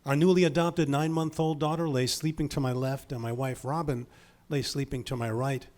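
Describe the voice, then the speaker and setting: A man's voice: medium pitch, fairly even intonation, a little fast. Wry man telling a family story. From Long Island, New York. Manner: intimate, wry, shifting from hushed to emphatic. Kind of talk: personal storytelling.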